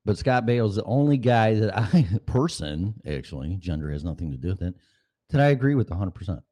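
A man's voice: fairly low pitch, animated, fairly quick, dark tone. A middle-aged man hosting his own podcast at home, talking in a profane, rambling rant. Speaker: podcast host. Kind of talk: casual rambling monologue. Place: apartment at home. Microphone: studio mic with headphones.

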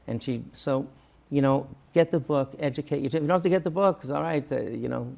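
An earnest rabbi talking through an interview, with a gravelly, creaky edge to his voice. He is a man who gets animated, often acting out the words of parents or coaches before dropping back to a plain conversational tone. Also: medium pitch, fast talker. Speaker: rabbi and guest.

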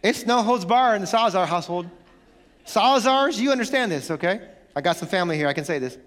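A man, a pastor, preaching a sermon in a lively, playful way, acting out little scenes from home. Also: high-pitched, quick pace, in a large hall. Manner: animated, playful, acts out family quarrels.

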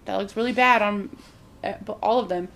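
A woman's voice: mid-range voice, fairly quick, creaky, a bit bright. A woman in casual chat, animatedly retelling a movie plot and acting out the characters' lines, with frequent "like".

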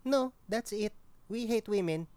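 A woman's voice: mid-range voice, unhurried, warm tone, no room sound, close to an everyday voice. A woman voicing a brash, cheeky male ninja actor who speaks broken English in a comedy sketch. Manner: broken English, punchy jokey delivery.

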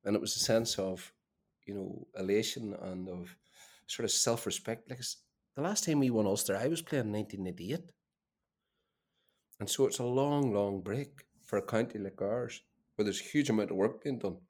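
A middle-aged man tells an animated, swearing story as a guest in a casual chat. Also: on the low side, moderate pace. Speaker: guest, former player.

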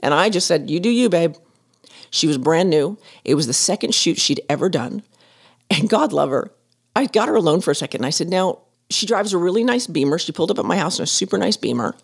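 Lively, laughing woman storyteller. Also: lowish voice, a little fast, vocal fry, breathy edge. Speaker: podcast host. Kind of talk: casual storytelling.

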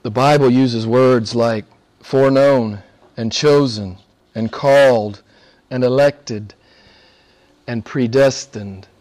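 A man preaching a sermon in a church as pastor, emphatic, asking rhetorical questions and swinging between hushed and forceful delivery. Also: mid-range voice, steady tone, slow pace, long pauses.

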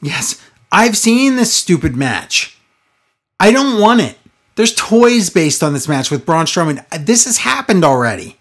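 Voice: medium pitch, very animated, unhurried. A podcast host in loose, casual chat, recapping a show with biting sarcasm. The delivery is exasperated and mocking, and often drags out the words for effect. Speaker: podcast co-host reviewing wrestling.

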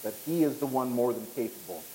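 A man preaching a sermon, emphatic, with dramatic pauses and rising pitch on key points. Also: expressive, warm tone, reverberant, slight background noise, rough recording. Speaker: pastor. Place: church.

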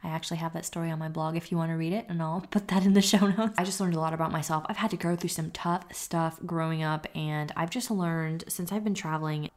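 A young woman with a fairly low voice talks straight into the mic as the host of her own podcast. She is open and confessional, casual, and swears now and then. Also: fairly even intonation, fast, hardly any pauses. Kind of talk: candid solo podcast talk.

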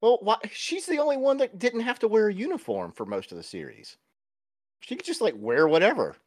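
Podcast guy goofing around, voice jumps all over, kinda high, dry sound. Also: brisk, dry recording. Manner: animated, jokey, puts on silly voices. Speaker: podcast co-host. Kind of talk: casual comedic chat.

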